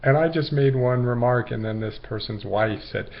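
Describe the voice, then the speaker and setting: A man's voice: medium pitch, moderate pace, gravelly, muffled recording. A man hosting his own show, rambling through anecdotes in a casual monologue, laughing at his own stories and acting out the lines of others. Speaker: host.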